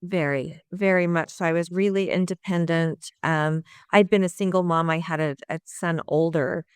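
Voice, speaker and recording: A middle-aged woman speaks in a low, smooth, resonant voice, recorded dry and close. She tells her story candidly and earnestly, voicing her past thoughts as she goes. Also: normal speed, no room sound. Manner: earnest, lively retelling with quoted inner thoughts. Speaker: guest sharing her recovery story.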